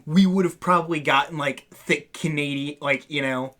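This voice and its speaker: A man co-hosting a casual podcast, cracking jokes and tossing in quick remarks. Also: fairly high pitch, steady tone, fairly bright tone. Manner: jokey, quick interjections. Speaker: podcast co-host. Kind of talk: casual chat.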